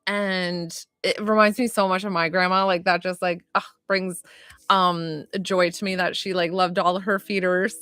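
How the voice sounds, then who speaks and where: A woman's voice: fairly low pitch, little pitch movement, moderate pace, smooth, no room sound. Chatty woman psychic with a dry sound. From northern United States. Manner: warm, rambling, many "like" fillers. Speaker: psychic medium. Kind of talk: live reading for viewers.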